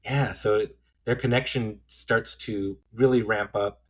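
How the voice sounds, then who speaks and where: A man co-hosting a podcast, talking through a film in a thoughtful, halting way, often restarting his sentences. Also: on the low side, steady tone. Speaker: podcast co-host. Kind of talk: casual film discussion.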